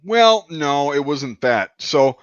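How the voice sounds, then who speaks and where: A man's voice: on the high side, sing-song, slow, smooth, no room sound. A man casually telling a long, profane anecdote on a podcast. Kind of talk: casual storytelling. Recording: dull, dry lo-fi sound.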